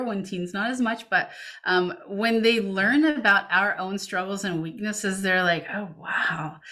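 A woman's voice: mid-range voice, bright, forceful tone. A woman presenting a parenting webinar over a video call. She coaches parents in a reassuring way and reads questions from the chat aloud. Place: home setup, remote webinar. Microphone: computer mic on video call.

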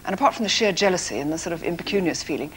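A woman's voice: on the low side, expressive, rapid-fire, crowd noise. A middle-aged woman with a posh, theatrical manner, telling laughing anecdotes as a chat show guest in a television studio.

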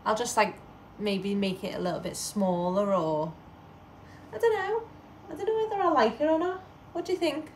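Giggly chatty young mum. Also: female voice, medium pitch, a little hiss or hum. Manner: chatty, giggly, casual swearing. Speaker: vlogger and new mum. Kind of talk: casual chatty vlog. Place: at home indoors.

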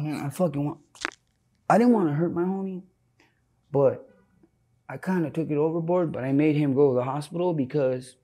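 Gravelly, husky man telling street stories. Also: fairly high pitch. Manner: profane, rambling, animated when quoting friends. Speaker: interviewee. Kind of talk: candid street interview storytelling.

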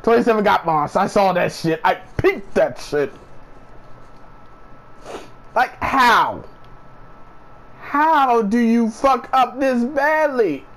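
Male vlogger, unhurried, swears constantly and loops back on his own lines, lively pitch. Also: rough recording. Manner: profane, repetitive, incredulous ranting. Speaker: sports vlogger. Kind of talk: ranting casual commentary.

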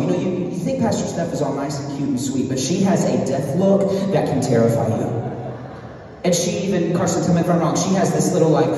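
A man in his thirties delivers a passionate sermon, his voice pitched high yet mellow. He is heard from a distance, with a long hall reverb filling the church. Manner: impassioned preaching with rising emphatic lines. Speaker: pastor. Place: large church sanctuary. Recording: far-off voice in echoey hall.

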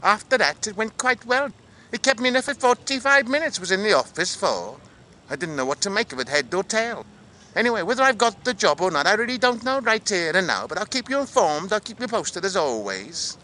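A man's voice: high-pitched, big pitch swings, brisk, sharp tone, full character voice, rough recording. A man voicing a chatty male actor from Cardiff with a Welsh accent, giving rambling vlog updates in a comic spoof. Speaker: vlog host.

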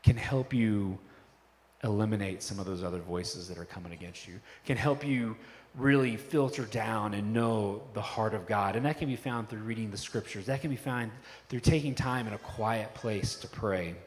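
A man's voice: fairly low pitch, normal speed. A middle-aged man preaching a sermon as pastor, talking in a loose, conversational way with many fillers. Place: church sanctuary. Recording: long hall reverb with faint music. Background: faint worship band music.

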